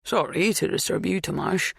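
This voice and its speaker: A narrator putting on an older farmer with a booming, apologetic manner, set in a higher register than the narration and swinging widely in pitch, in a storybook reading. The sound is close and dry. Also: male voice, animated, brisk, no room sound. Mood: polite. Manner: booming baritone.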